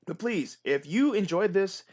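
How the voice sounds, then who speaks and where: A man's voice: high-pitched, animated, measured pace, darkish tone. A man narrating a solo horror tabletop adventure and then chatting about it in an upbeat way, with many fillers.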